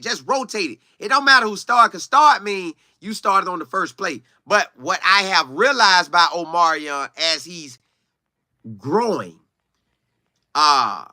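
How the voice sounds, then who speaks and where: Young guy reading comments on a stream, high voice, dry close sound. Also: no echo. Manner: animated, repeats words for emphasis. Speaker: show host reading viewer comments. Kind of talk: casual livestream chat.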